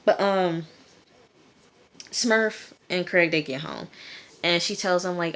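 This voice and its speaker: A woman's voice: on the low side, slow, pauses often, a bit bright. A woman casually recapping a TV episode, chatty with many fillers, talking straight to her viewers. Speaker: TV episode reviewer.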